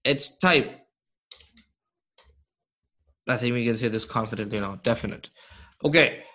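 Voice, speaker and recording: A man's voice: medium pitch, bright, forceful tone. A man teaching an interactive grammar lesson, quizzing his class and praising answers as he goes. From Canada. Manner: slow, encouraging, quizzes the class with quick praise. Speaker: Arabic teacher.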